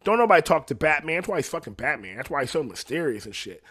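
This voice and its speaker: A man's voice: a little high, sing-song, fast, fairly bright tone, husky. A young adult man talking in a casual, rambling and profane way, laughing often as he goes. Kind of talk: casual chat.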